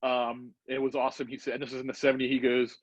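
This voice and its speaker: A man's voice: mid-range voice, quick pace, dry recording. A middle-aged man hosting a podcast, telling a story with lots of energy and acting out the dialogue. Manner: animated storyteller, acts out both sides of a dialogue. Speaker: podcast host. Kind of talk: casual storytelling. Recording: dry, slightly dull podcast recording.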